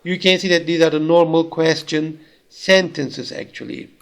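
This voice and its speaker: Turkish-accented man, gravelly lecturing voice. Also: on the high side, fairly even intonation, normal speed, a bit bright. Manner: reads examples aloud, explains step by step with fillers. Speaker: university lecturer. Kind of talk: recorded lecture.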